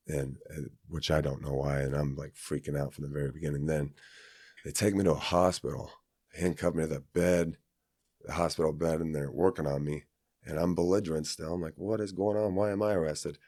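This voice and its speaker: A man's voice: extremely low pitch, a little mellow, dry recording, clean studio sound. A man from Kansas, a podcast guest, telling a personal story in a rambling, casual way with many fillers and restarts.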